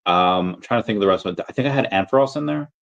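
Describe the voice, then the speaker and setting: A man's voice: on the low side, animated, very fast, vocal fry. A man hosting a casual livestream, rambling and chatting with viewers, full of fillers and restarts. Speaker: livestream host. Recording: dull lo-fi audio.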